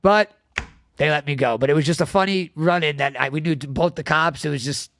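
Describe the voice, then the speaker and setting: A man in his thirties co-hosting a casual comedy show, telling stories fast, swearing and laughing often. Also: on the high side, a bit bright. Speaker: podcast co-host.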